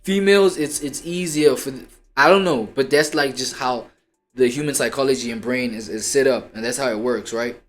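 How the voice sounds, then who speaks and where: Streamer, man, mid-pitched voice, slangy and rambling casual talk, with music underneath. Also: moderate pace. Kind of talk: casual chat.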